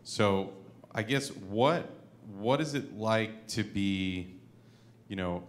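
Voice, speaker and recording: A man at a panel conversation asking a long, thoughtful question. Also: on the low side. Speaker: panel participant, son of a co-president. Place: synagogue event hall.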